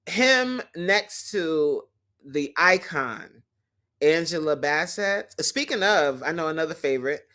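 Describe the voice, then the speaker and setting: A woman hosting a casual livestream chat, animated and teasing, who laughs often and talks straight to her viewers. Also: low voice. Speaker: host.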